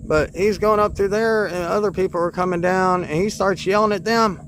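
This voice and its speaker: A man's voice: high-pitched, fairly even intonation, normal speed, fairly bright tone, a little hiss or hum. A man vlogging outdoors in a park, rambling through a story and pointing out spots as he goes. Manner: rambling, pointing out spots, acts out his own retorts. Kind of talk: casual storytelling to camera. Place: outdoors in a park, sitting on his bike.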